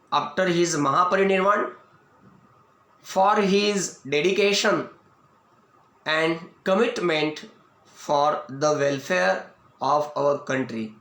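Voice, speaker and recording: Slow-speaking Indian teacher, high voice. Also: male voice, a bit bright. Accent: Indian English. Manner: slow, repetitive explaining, restating each point. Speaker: English teacher. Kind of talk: video lecture. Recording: echoey room.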